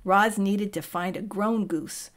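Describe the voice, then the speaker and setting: A woman reading a children's novel aloud in a calm and clear way. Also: mid-range voice, takes it slowly. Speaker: reader. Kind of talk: storybook read-aloud.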